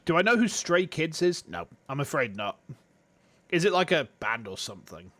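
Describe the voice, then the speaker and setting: A man's voice: a little high, sing-song, moderate pace, a bit bright. Chatty Yorkshire man streaming. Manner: chatty, jokey, laughs often. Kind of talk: casual livestream chat with viewers.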